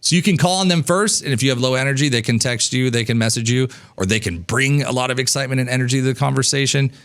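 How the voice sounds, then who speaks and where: An animated man in his thirties coaches an audience in a loose, conversational way. His pitch sits in the middle of the usual male range, and he breaks into livelier, higher-pitched voices when he acts out how people talk. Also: fast talker. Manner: animated, acts out dialogue in a higher voice, casual swearing. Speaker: business coach. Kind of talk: energetic casual teaching.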